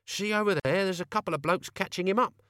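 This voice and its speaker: A man voicing a grumpy old male servant who frets and complains in rough everyday speech. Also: sits high, fast talker, bright, forceful tone, no echo, studio quality, voice pushed up. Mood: complaining.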